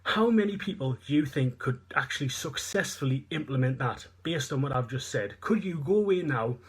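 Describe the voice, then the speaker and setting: A man's voice: mid-range voice, animated, brisk, husky. A man with a Northeast English accent, a fitness coach giving a seminar talk and explaining things earnestly, repeating himself as he goes. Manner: earnest, repetitive explaining with fillers. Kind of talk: live online seminar talk.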